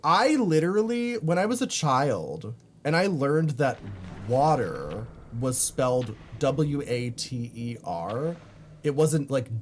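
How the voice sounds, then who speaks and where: Brief: male streamer from Baltimore, light Baltimore accent, swears freely, talks to chat in an animated up-and-down voice. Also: medium pitch, moderate pace. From Baltimore, USA. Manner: profane, chatty, reads chat aloud. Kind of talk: casual gaming stream chat.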